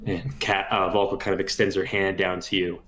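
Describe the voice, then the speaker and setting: A man narrating a tabletop game as game master, calm and descriptive. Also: low-pitched, fairly quick, a little hiss or hum.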